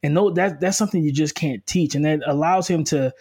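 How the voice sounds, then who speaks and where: A man with a somewhat high voice talks football as a co-host in a relaxed podcast chat. He is energetic and quick, restarting his sentences as he builds his points. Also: breathy edge. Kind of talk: casual sports analysis chat.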